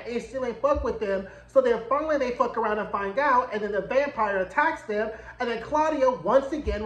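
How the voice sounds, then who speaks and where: A man's voice: sits high, a bit bright. A man giving a casual, blunt, profanity-laced recap and review of a TV episode, full of sassy asides. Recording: roomy echo.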